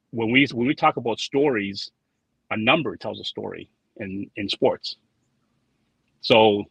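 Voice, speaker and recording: In a dry, dull lo-fi recording without echo, a guest who designs trading cards chats casually with an interviewer, rambling, repeating himself and quoting dialogue in his anecdotes. His lowish voice is bright and forceful with a breathy edge.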